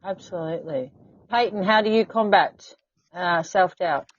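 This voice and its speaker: A woman with an Australian accent hosting a casual chat, animated and quick to laugh. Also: on the low side, dull audio. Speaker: podcast host.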